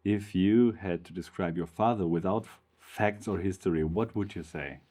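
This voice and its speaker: A soft-spoken male interviewer asks gentle questions. His voice sits very low and sounds dark and mellow. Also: normal speed. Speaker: interviewer, photographer.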